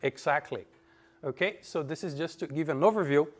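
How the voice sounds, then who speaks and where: A man giving a conference talk, reading figures off slides with frequent fillers and pauses. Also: on the high side. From Brazil. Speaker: conference presenter. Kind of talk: lecture with slides. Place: conference room.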